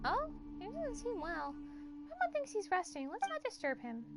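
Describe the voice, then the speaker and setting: A woman's voice: very high voice, wildly swooping pitch, normal speed, heavily acted. A woman voicing a tiny, proud female fairy companion in a video game who talks about herself in the third person. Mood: curious. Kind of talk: game voice acting. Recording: game audio with loud music behind. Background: game music.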